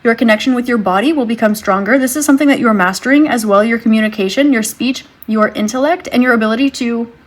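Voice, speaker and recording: A woman with a slightly high, breathy voice gives a tarot reading straight to her viewers. She talks in a gentle, reassuring way and muses aloud as she pulls each card. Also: quick pace, few pauses. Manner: gentle, reassuring, thinks aloud while drawing cards. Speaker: tarot reader.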